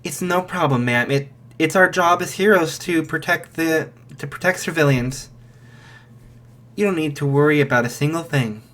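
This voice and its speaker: A man's voice: fairly high pitch, moderate pace, fairly bright tone, lightly acted. A man voicing a courteous small rat-like principal speaking through an intercom, reassuring and a little wry.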